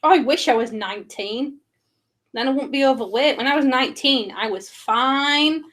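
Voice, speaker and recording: A woman with a high, light voice talks in a loose, casual chat. She is quick to poke fun at herself and often restarts her sentences mid-thought. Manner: chatty, self-deprecating, quick restarts.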